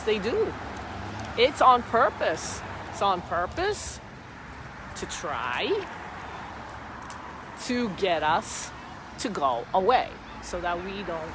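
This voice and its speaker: A woman talks into a phone on a live stream outdoors, slowly and with lively ups and downs in pitch. She rambles and repeats herself for emphasis. Traffic and wind noise are clearly heard behind her. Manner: rambling, repetitive, emphatic storytelling. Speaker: livestreamer at a street protest. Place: outdoors by a street. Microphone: phone camera held by the speaker.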